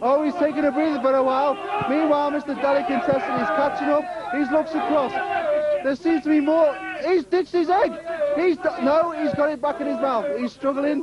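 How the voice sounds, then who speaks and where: A high-pitched man calls the action in an over-the-top mock sports commentary, excitable and jokey. He works as master of ceremonies. The recording is a muffled amateur tape with a loud crowd roaring behind him. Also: fairly quick, very noisy.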